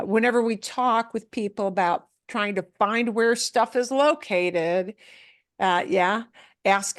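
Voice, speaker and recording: A woman teaching a Spanish class, explaining slowly, repeating words for learners and mixing English with Spanish phrases. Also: medium pitch, no room sound, studio quality. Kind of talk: recorded class lesson.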